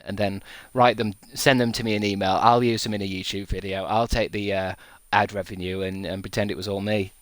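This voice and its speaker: A man in his thirties rambles to his stream in a low-pitched voice, cracking crude jokes and swearing freely. The sound is dry and close, with no room around it. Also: little pitch movement, fairly quick, hardly any pauses, no echo. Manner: rambling, jokey and profane, laughs at his own gags. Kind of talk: casual chat to a live stream.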